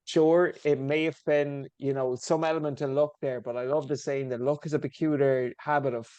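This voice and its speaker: A man's voice: mid-range voice, flat delivery, normal speed, warm tone, smooth, no echo. Eager male podcast host, dry sound. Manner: eager, encouraging, often says the guest's name. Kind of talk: casual interview chat.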